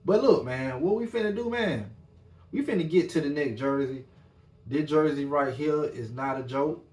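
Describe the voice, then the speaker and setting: A man's voice: on the high side, normal speed, a little mellow. Male podcast host, easygoing rambling delivery, echoey room. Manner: laid-back, repeats "man" at line ends. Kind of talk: casual monologue.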